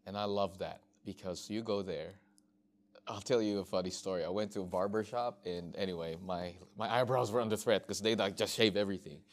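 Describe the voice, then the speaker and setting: A middle-aged Australian man, a missionary, gives an informal workshop talk as an animated storyteller. He tells anecdotes and acts out conversations, restarting frequently. His voice is fairly low and brisk.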